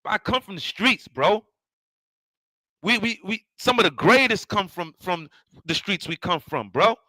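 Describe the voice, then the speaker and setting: New dude ranting on his stream, high sharp voice, keeps repeating himself. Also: lively intonation, a little slow, no echo, low-quality recording. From New York City. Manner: ranting, repetitive, confrontational. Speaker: online show host. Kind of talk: heated livestream rant.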